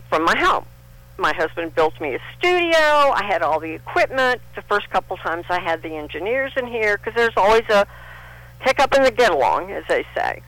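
A woman's voice: medium pitch, no room sound, rough recording. An older woman from Texas, a guest in a casual interview, telling stories animatedly and acting out the people she quotes. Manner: animated storyteller, acts out quotes.

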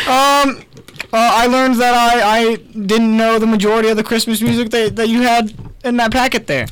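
A man's voice: very high-pitched, level tone, moderate pace, a bit bright, smooth, poor audio. A man on a chat show panel who talks in a stammering, self-deprecating way. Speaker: panel member. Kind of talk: casual chat.

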